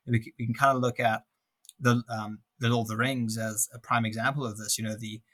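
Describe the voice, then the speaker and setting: A man's voice: medium pitch, level tone, fairly quick, fairly bright tone. A man co-hosting a podcast in casual chat, thinking aloud with frequent restarts. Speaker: podcast co-host.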